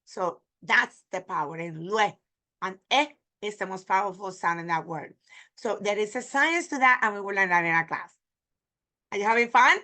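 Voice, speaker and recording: Bright-voiced teacher. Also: female voice, mid-range voice, lively intonation. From Puerto Rico. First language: Spanish. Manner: demonstrative, repeating example words slowly. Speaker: Spanish teacher. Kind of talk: online pronunciation lesson.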